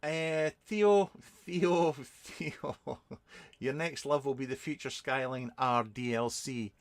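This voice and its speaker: A man's voice: medium pitch, slow pace, no room sound. A man, a reviewer hosting a casual live stream, answering viewers in a rambling, chatty way with many ums and restarts.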